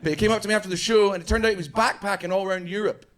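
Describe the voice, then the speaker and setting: A man's voice: high voice, rapid-fire. A Scottish man performing a stand-up comedy set on stage, telling stories and acting out the people in them. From Scotland. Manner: animated storytelling, acts out characters. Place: comedy club stage before a live audience. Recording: live club crowd laughing. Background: audience laughter.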